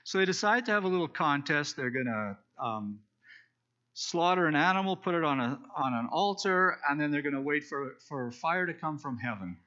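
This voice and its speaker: A man's voice: on the high side, lively intonation, normal speed, bright, forceful tone. A man preaching in a casual, explanatory way, retelling a scripture story with fillers and restarts. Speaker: preacher teaching a Bible study. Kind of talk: conversational sermon, retelling scripture. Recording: dull lo-fi recording.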